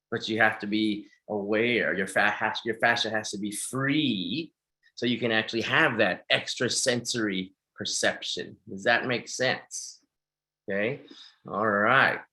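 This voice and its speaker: Bright-voiced man lecturing in a webinar. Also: lowish voice. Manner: energetic, keeps checking in with "right?" and "okay?". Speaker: fitness instructor. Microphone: webinar microphone.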